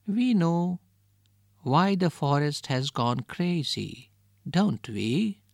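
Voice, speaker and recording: Squeaky piping little crocodile, man doing the voice, storybook, high. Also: animated, drawn-out words, gravelly, no room sound, studio quality, heavily acted. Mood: bold. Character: small squeaky young male crocodile.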